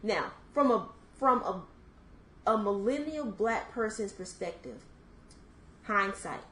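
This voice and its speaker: A woman's voice: medium pitch, animated, takes it slowly, fairly bright tone, slight background noise. Young woman in an echoey room. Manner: thoughtful, lots of fillers. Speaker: podcast co-host. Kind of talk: casual chat.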